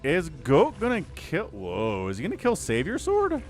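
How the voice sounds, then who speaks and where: A man's voice: a little high, huge pitch swings, moderate pace, soft background music. A man giving casual, playful live commentary on a strategy game, reading out players' chat lines in mock voices. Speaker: game caster.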